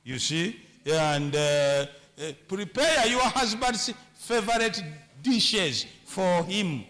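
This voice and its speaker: A man's voice: sits high, animated, slow, fairly bright tone. A man preaching a humorous sermon on marriage in a church, with a Ugandan English accent, often repeating and stumbling over words.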